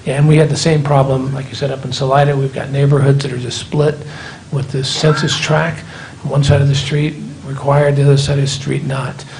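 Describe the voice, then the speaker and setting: A man runs a county board meeting, talking to speakers in an easygoing, conversational way. His voice has a gravelly edge, with faint background hum. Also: mid-range voice, level tone, a little fast, few pauses. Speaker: board chair. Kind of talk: chairing a public meeting. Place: council chamber.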